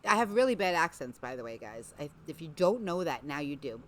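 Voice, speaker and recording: A woman hosting a casual livestream chat, talking warmly and a little scattered as she reads out viewer comments. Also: deep voice, very animated, brisk. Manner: chatty, reads viewer comments aloud, breaks off to call her dog. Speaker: livestream host.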